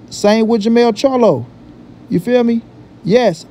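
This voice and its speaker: High-voiced man ranting in street slang. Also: measured pace, pauses often, mellow, slight background noise. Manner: emphatic, repetitive, profane street slang. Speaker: boxing commentary vlogger. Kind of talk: casual opinion talk.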